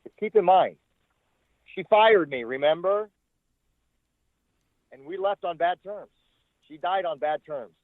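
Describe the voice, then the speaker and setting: A high-pitched man in no hurry, leaving long pauses, recounts rambling stories as a former talent manager in a casual interview. He swears freely and acts out what others said, and the dry, tinny phone-line audio has no echo.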